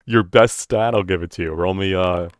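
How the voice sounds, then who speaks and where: A man narrating as game master of a tabletop role-playing game, relaxed and rambling, with many fillers and restarts. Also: deep voice, normal speed, dry recording, clean studio sound.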